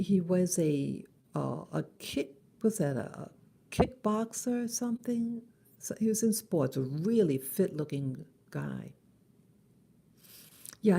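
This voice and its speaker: A middle-aged woman talking in a halting, casual vlog monologue in her early-morning voice, with many restarts. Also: low voice, vocal fry, dark tone, slightly rough. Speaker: vlogger.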